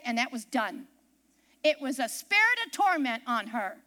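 A woman's voice: sits high, sing-song, moderate pace, pushed and bright. A woman pastor preaching a sermon from the pulpit, telling stories with emphasis and repeating key phrases.

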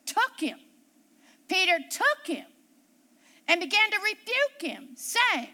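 A middle-aged woman preaching a sermon, reading scripture slowly and acting out the voices she quotes. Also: very high-pitched, bright, forceful tone. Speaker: pastor.

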